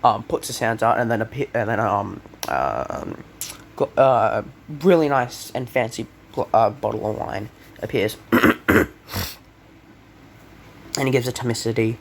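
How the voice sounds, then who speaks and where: A young man rambles through a made-up fan story, stopping to correct himself and fill gaps with ums and likes. His voice is gravelly, and his pitch swings around a lot. He keeps coughing and clearing his throat, over a faint hiss of background noise. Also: expressive, moderate pace. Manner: rambling, full of fillers and self-corrections. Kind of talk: casual fan story retelling.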